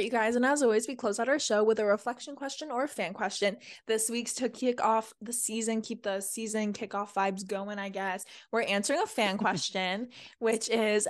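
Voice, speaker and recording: A young adult woman co-hosting a podcast, ranting bluntly and swearing in casual chat. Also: on the high side. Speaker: podcast co-host.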